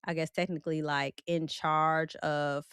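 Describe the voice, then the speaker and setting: In a clean studio recording with no room sound, a woman's low, clear, resonant voice moves at a measured pace. Hosting a casual stream on films and celebrities, she reads viewer comments and reacts with blunt humor and lots of laughter, her phrasing loose, colloquial and slightly Southern.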